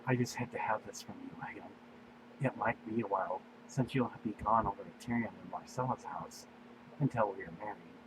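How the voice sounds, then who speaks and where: A commanding young queen, as a man puts her on, regal and sure of herself in a read-aloud fan story. The voice is low and soft, with little change from the reader's own. A steady noise hiss sits under the home recording. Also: fairly quick, lightly acted. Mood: teasing.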